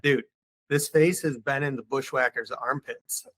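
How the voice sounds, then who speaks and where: Bright-voiced laid-back man. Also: mid-range voice, steady tone, unhurried, no room sound. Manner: laid-back, uses "dude" and "like". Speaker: podcast guest. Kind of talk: casual podcast chat.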